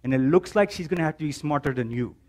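A man's voice: fairly high pitch, quick pace, darkish tone, lightly acted. A preacher putting on an Indian accent to play his stern older father lecturing him on finding a wife. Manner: firm, lecturing, repeats "okay?". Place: church.

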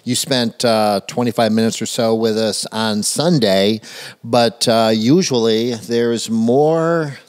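A man's voice: medium pitch, slow. A man hosting a church podcast, upbeat and jokey as he welcomes listeners and guides the chat. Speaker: podcast host.

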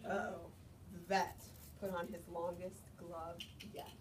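A woman librarian reading a picture book aloud to young children at storytime, in an animated sing-song manner, asking them questions as she goes. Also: on the low side, unhurried. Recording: distant mic, noisy room. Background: children answering.

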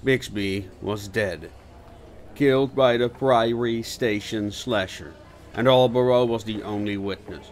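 A man narrating an audiobook in a measured storytelling delivery. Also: fairly low pitch, slight background noise. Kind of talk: scripted narration.

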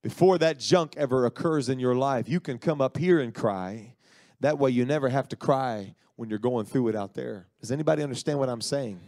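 Folksy preacher retelling a story. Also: male voice, medium pitch, a little fast, no echo, studio quality. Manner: animated, folksy, acts out voices. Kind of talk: sermon storytelling.

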